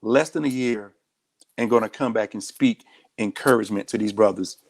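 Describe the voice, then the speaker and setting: A man's voice: on the low side, normal speed, gravelly. A man, a sheriff speaking as an interview guest, telling stories in a direct, earnest way. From United States. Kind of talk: candid interview talk.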